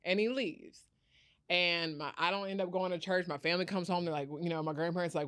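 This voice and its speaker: A woman's voice: deep voice, normal speed, clear, resonant tone, dry recording, clean studio sound. A young adult woman, a startup founder telling her story in an interview and acting out the voices of others. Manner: animated, acts out quoted voices.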